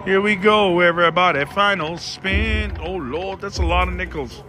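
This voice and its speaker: A man's voice: sits high, moderate pace, bright, forceful tone, faint music behind. A man giving casual live commentary while gambling at a casino slot machine, talking to his viewers in a dramatic, theatrical way.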